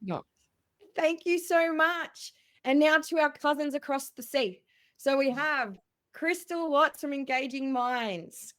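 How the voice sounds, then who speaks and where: A woman's voice: high voice, takes it slowly, fairly bright tone. A woman hosting an online panel discussion, upbeat and effusive as she introduces the guests. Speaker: host.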